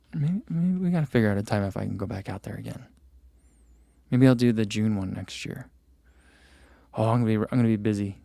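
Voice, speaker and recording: A man's voice: medium pitch, no echo. Guy from jersey chatting on his running stream, loose and rambly, dry close sound. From New Jersey. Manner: rambling, relaxed, many fillers and restarts. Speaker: running channel host. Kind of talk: livestream chat answering viewer questions.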